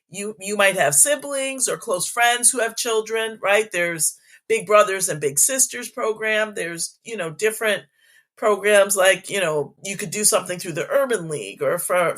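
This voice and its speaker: A middle-aged woman, a former school superintendent, telling stories in a casual interview and tagging her points with "right?". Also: medium pitch. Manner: animated, frequent "right?" tags, acts out quoted voices.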